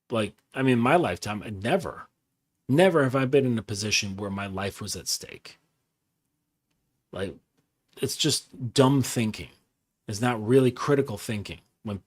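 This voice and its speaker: Man, coach, husky voice, mid pitch, casual rambling monologue, fillers and swearing. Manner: loose and conversational, full of fillers and swearing. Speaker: dating and masculinity coach.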